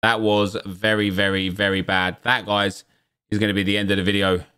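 A man hosting a gaming channel, chatting casually and breaking into excited exclamations as he comments on opening game packs. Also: on the low side, normal speed, clean tone.

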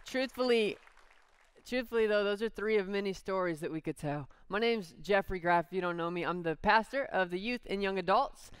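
A man's voice: high-pitched, fairly quick, fairly bright tone, smooth, dry recording. A man who is the church's youth pastor, speaking upbeat and proud to the congregation. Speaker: youth and young adults pastor. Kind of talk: church service announcement.

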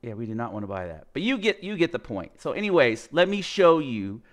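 A man's voice: mid-range voice, sing-song, brisk. Exasperated man ranting at his computer. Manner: rambling and exasperated, with fillers, restarts and swearing. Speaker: gaming video creator. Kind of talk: casual screen-share rant.

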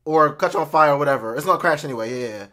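A man reacting to a film for viewers, jumpy and loud, screaming, swearing and talking straight to his audience. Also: a little high, quick pace. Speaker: movie reactor.

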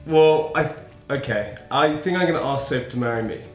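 A man's voice: mid-range voice, normal speed, roomy sound, soft background music. A young man hosting a casual chat, chummy and laughing easily while making prank calls. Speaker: podcast host.

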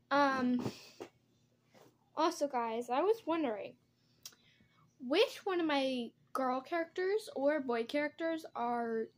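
In this casual get-ready-with-me clip, a young vlogger rambles between topics as she applies makeup at home. She speaks at a fairly high pitch, and there's a faint hiss or hum on the recording.

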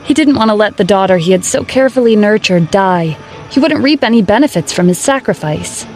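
A woman reading a dramatic story aloud as narrator, in a steady storytelling manner. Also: medium pitch, fairly quick, soft background music. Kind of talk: scripted narration.

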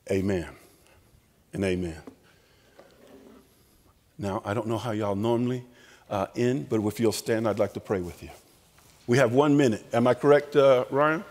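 A man telling lively family stories in a chapel sermon, acting out the voices. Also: fairly low pitch, moderate pace, long pauses, long reverb tail. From American South. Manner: animated storyteller acting out voices. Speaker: chapel speaker. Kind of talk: storytelling sermon. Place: college chapel.

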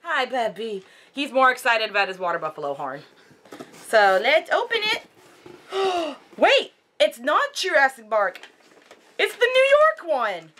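Bright, high, lively woman vlogger at home, chatty and excitable, cooing at her dogs. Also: a little slow, a little hiss or hum. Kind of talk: casual unboxing vlog.

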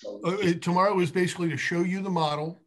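A man with a slightly raised voice speaks as a financial consultant at a business meeting. He talks haltingly, with restarts and plenty of fillers. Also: sits high, fairly even intonation.

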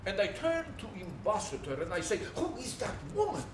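A flirtatious Russian prince on stage. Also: male voice, high voice, wildly swooping pitch, fairly quick. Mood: teasing. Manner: broken English, grand and playful. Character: flirtatious, theatrical Russian prince courting an actress. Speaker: stage actor. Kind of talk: live stage play acting. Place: theater stage. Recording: roomy stage sound from a distant mic.

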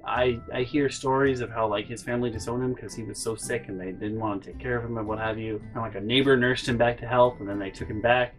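Male storytelling host, mid-pitched voice, animated and rambling delivery with casual swearing. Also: quick pace, hardly any pauses, faint music behind. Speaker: channel host. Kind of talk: storytime vlog.

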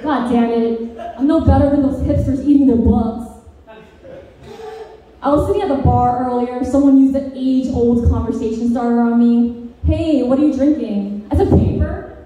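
A high, mellow-toned woman works through a stand-up set with deadpan dark one-liners, now and then drifting into a sing-song lilt. Her voice comes from some distance away and rings through a very echoey room. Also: moderate pace, dull audio. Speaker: stand-up comedian.

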